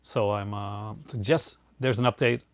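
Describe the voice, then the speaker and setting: A man's voice: lowish voice, steady tone, unhurried, dry recording. A middle-aged man hosting a casual live chat, rambling with many fillers and restarts and chuckling often. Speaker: host.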